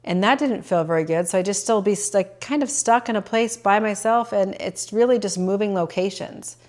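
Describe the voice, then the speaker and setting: Speaking at an ordinary speed in a mid-range, somewhat dark voice, a middle-aged podcast host reflects on personal matters in a monologue. Her tone is sincere and visibly emotional, and she leans heavily on filler words.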